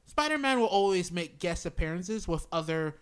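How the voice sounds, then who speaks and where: A woman's voice: on the low side, animated, normal speed, clear, resonant tone. A woman co-hosting a podcast in casual chat, joking and acting out quoted lines. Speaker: podcast co-host.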